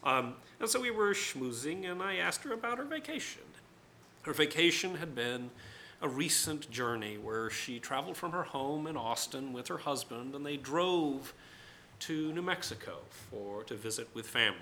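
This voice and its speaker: A man's voice: fairly high pitch, animated, moderate pace, bright, forceful tone, slight background noise. A man, a writer, telling a personal story in a conversational, digressive way with many fillers.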